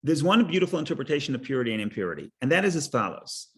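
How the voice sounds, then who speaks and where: Very animated, with a mid-range voice, this man leads a Torah class, often stumbling, repeating words and starting over. He uses stories and jokes to get his explanations across.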